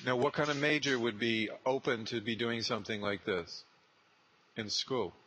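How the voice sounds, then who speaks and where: A man coaching a trainee one on one on real estate prospecting, animated and acting out sales scripts. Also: mid-range voice, normal speed, a little hiss or hum, poor audio.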